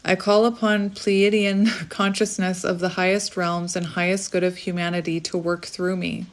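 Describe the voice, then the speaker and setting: A woman's voice: fairly low pitch, flat delivery, moderate pace. A woman giving a casual spiritual tarot reading, chatty and rambling, often breaking off to laugh at herself. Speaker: tarot reader.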